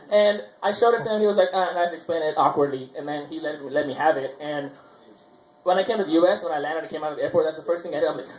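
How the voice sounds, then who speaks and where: A man's voice: on the high side, fast. A young man from India doing open mic stand-up, rambling and correcting himself and chuckling at his own jokes. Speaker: stand-up comedian. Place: small open mic venue. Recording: roomy live venue sound.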